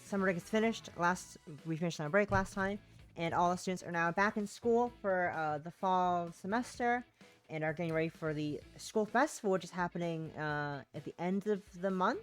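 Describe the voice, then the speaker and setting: Rambling woman streamer with sore throat. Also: lowish voice. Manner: rambling, self-interrupting, chatty. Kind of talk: casual gameplay chat. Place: home.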